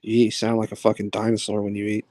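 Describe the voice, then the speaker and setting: A man with a soft voice chatting in a laid-back, slangy way on a live voice call. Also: lowish voice, monotone, fast talker, dry recording. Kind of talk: casual chat on a live voice call.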